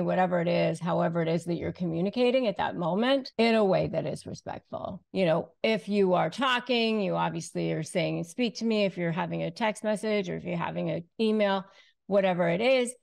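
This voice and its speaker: A woman coaching viewers in a direct-to-camera advice lesson, speaking calmly and deliberately and slowing down to stress key phrases. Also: medium pitch, vocal fry. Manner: calm, deliberate, often slows to stress phrases. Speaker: host, negotiation and relationship coach.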